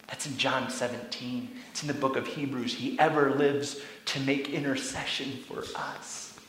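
A young adult man preaching a sermon as a pastor, telling the story with animated, acted-out lines. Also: mid-range voice, roomy sound, poor audio. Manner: animated storytelling, acting out quoted lines, drops to a whisper.

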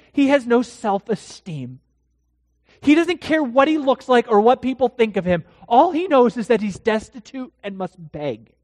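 A pastor delivering a dramatic sermon in a church, swinging from hushed to loud. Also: medium pitch, no echo, studio quality, long reverb tail.

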